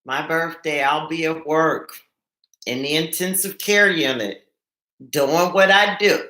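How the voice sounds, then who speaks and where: A nurse hosting a live stream from home, speaking earnestly and stumbling over repeated words when upset. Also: female voice, deep voice, slow, a bit bright, roomy sound. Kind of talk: emotional live-stream talk to viewers.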